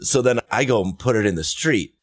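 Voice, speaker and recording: A man hosting a podcast, telling stories in a casual, animated, laughing way. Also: mid-range voice, a little fast, husky. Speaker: podcast host. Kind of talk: casual chat.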